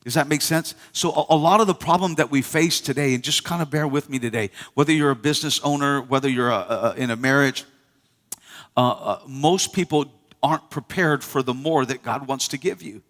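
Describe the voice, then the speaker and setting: A male pastor preaches with a high, bright voice that carries through the church. His delivery is lively, with frequent calls to the congregation for a response, and a long reverb trails each phrase in the hall. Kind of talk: sermon.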